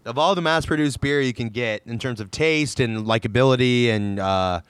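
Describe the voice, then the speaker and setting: A man with a smooth, clear voice co-hosts a casual comedy podcast. He laughs easily and wanders through long, rambling riffs, recorded dry and close. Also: mid-range voice, moderate pace, fairly bright tone, no echo. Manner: laughs often, meandering riffs. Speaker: podcast co-host.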